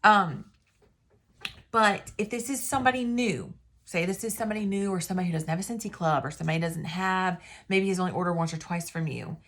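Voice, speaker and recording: An independent sales consultant talks casually to the camera, giving rambling sales advice and frequently losing her train of thought. She's chatty and keeps interrupting herself, speaking briskly in a lowish, slightly bright voice.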